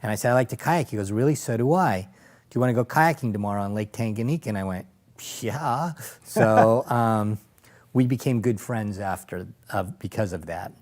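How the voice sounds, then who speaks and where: Low-voiced man telling animated stories. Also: a little fast. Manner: animated storyteller, acts out voices and laughs. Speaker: guest, safari operator and former lawyer. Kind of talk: anecdotal storytelling in conversation.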